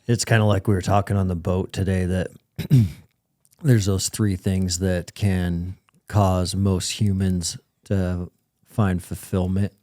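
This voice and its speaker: A man's voice: sits low, slow pace, no echo, clean studio sound. A man hosting a podcast, talking casually and reacting to his guest with short affirmations. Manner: relaxed, brief reactions and affirmations. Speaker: podcast host. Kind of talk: casual chat.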